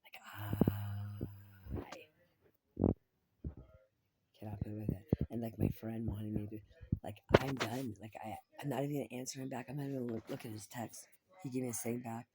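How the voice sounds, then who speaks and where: A woman's voice: a bass voice, fairly even intonation, fast, very noisy. A woman talking in a rambling personal monologue, repeating herself, swearing freely and sometimes dropping into a whisper.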